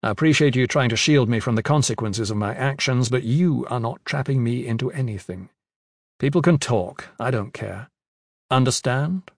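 A calm, commanding grown leader with a dry streak of humor, as a narrator plays him, at an everyday middle pitch. He speaks firmly and without hurry, in a dry, close recording. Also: moderate pace, no room sound, natural voice. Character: grown male leader, steady, wry and commanding. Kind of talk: audiobook character voice.

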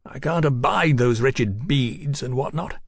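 A man playing a magisterial middle-aged museum curator, brisk and wry, in a storybook reading. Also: mid-range voice, gravelly, husky, dry recording, studio quality.

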